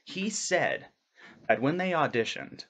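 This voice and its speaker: A man's voice: on the high side, animated, takes it slowly, a bit bright. A man voice actor talking casually in a vlog, rambling with many fillers in an earnest way. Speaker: voice actor vlogger.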